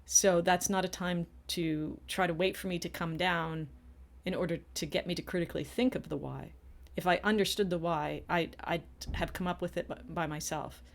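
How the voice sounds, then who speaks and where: Middle-aged lady telling a story on a podcast, earnest, kinda low voice. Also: fairly even intonation, moderate pace, vocal fry, hardly any pauses. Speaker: podcast co-host. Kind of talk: casual podcast discussion.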